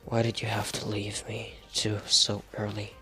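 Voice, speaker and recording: A man voicing a grieving young male hero in a low, subdued way. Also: monotone, measured pace, vocal fry, pushed and bright, faint music behind, exaggerated voice.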